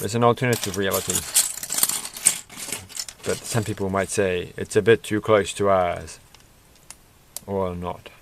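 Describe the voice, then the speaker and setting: Lego vlogger man, gravelly low register, musing running commentary while he builds. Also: a little hiss or hum. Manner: rambling, musing, self-deprecating.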